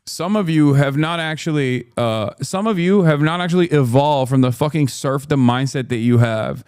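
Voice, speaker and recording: A man's voice: on the high side, darkish tone, clean tone, no echo, clean studio sound. A male streamer giving heated, profane political commentary, mocking and ranting. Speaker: streamer host.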